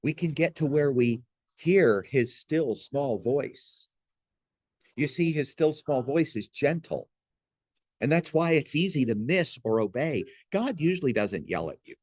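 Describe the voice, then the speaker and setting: A man's voice: medium pitch, lively intonation, a little slow, darkish tone, dry recording. A man giving an earnest, pastoral teaching talk and leaning on folksy everyday illustrations. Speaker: Christian teacher. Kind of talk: gentle spoken teaching.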